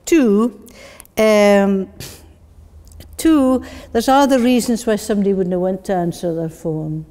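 In the long reverb of a large hall at an arts centre, a poet with a northeast Scottish accent chats casually as an interview guest. She speaks slowly in a mellow, mid-range voice, laughs easily, and drops in Scots words.

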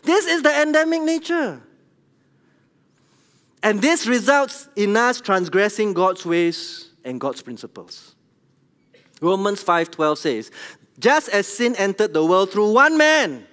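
A middle-aged man with a Singaporean English accent, preaching a church sermon in an animated, conversational way and asking the congregation questions. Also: high-pitched, a little slow. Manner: animated, conversational, tells jokes at his own expense, asks the congregation questions. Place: large church hall. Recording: long hall reverb.

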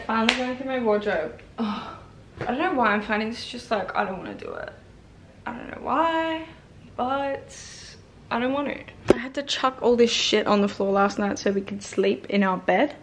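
A woman's voice: fairly high pitch, a bit bright, reverberant, a little hiss or hum. A young woman vlogging from her bedroom, rambling candidly with lots of "like", recorded on a tripod camera. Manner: rambling and candid, heavy use of "like". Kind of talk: casual chatty vlog. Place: bedroom at home.

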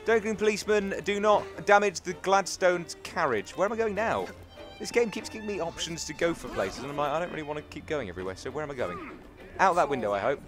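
A man's voice: a little high, animated, fast talker, fairly bright tone. A young British man from England chatting casually and mocking himself as he plays through a video game. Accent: British English. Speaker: gaming YouTuber. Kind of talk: casual let's-play commentary. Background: game music.

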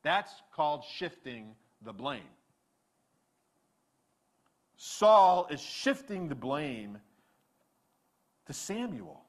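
A male pastor delivering a sermon with animated, emphatic preaching. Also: a little high, extremely slow, pauses often.

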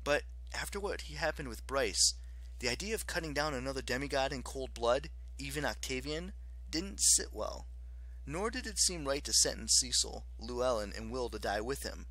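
A man narrating an audiobook in an expressive, dramatic way. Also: medium pitch, normal speed.

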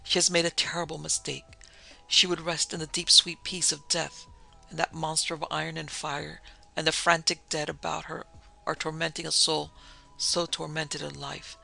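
A man voicing an aged, weary country priest who speaks in earnest, sorrowful musing, in a gravelly voice. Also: fairly high pitch, flat delivery, moderate pace, bright, forceful tone, full character voice, low-quality recording. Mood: anguished resolve.

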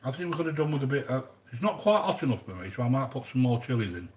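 A man's voice: medium pitch, very fast, a little mellow. A man chatting casually while hosting a cooking vlog, rambling and joking and greeting viewers by name. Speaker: cooking channel host.

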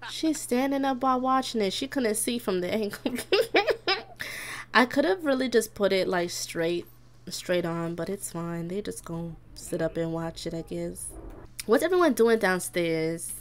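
A young woman, a gaming YouTuber, chats casually while playing a life-sim game, reacting out loud to her characters and giggling a lot. Her mid-range voice is expressive and moves at a normal speed.

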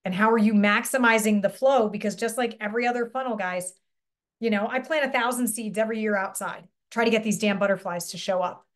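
A woman's voice: medium pitch, brisk. A middle-aged woman business coach giving a casual, chatty live online lesson, often asking her listeners questions and swearing lightly.

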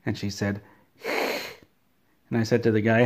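A man telling an absurd comic story in a deadpan, rambling way. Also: fairly low pitch, takes it slowly. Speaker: comedy vlogger.

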